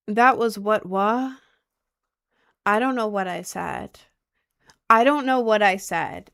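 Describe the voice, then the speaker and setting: A young adult woman livestreaming, chatting casually and reacting to her chat with lots of slang and quick asides. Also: mid-range voice.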